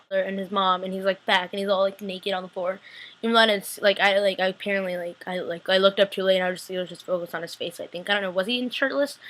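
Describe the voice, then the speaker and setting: A young woman talks into her laptop webcam, recapping a TV episode in a casual, excited rush. She leans on fillers and breaks into high squeals when she acts out the scenes. Her voice sits at an ordinary middle pitch between bursts. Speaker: vlogger reviewing a TV episode.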